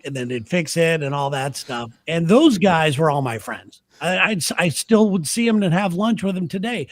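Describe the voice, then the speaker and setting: A man's voice: on the high side, dry recording. A man telling a rambling, laughing story in casual chat on a podcast. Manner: rambling, laughing anecdotes with restarts. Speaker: podcast host.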